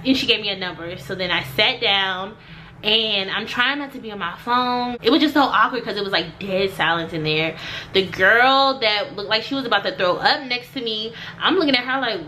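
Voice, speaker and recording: A young woman recounts a story to her viewers in an animated, chatty way. Her voice sits high and sounds bright and sharp. A faint background hum runs underneath. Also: normal speed. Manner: animated, acts out quotes. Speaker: vlogger. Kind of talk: storytime vlog.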